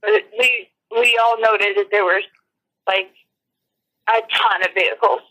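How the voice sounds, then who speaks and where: A woman eyewitness recounting events in a phone interview, shaken and near tears, with halting speech full of restarts. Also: medium pitch, steady tone, pushed and bright, rough recording.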